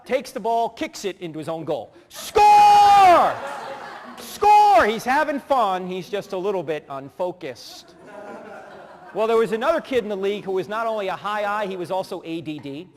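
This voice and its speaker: A middle-aged man giving a humorous teaching talk, telling animated stories, acting out voices and laughing as he goes. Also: sits high, brisk. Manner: animated storyteller who acts out voices and laughs. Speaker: speaker. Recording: long hall reverb.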